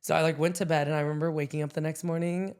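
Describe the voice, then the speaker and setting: A man's voice: fairly high pitch, level tone, rapid-fire, darkish tone, clean tone. A young man co-hosting a podcast, chatting casually through a personal story with many fillers and frequent laughs. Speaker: podcast co-host.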